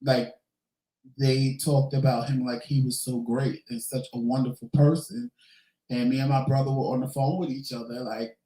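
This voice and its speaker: Man, casual vlog host, candid and chatty, mid-pitched voice, roomy echo. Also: fairly even intonation, normal speed, warm tone. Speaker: vlogger host. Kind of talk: casual Q&A chat.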